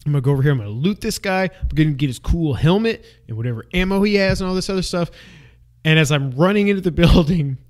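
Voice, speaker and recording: A young man co-hosting a casual gaming podcast, an animated storyteller who acts out his own yelling. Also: fairly high pitch, fast. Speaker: podcast co-host.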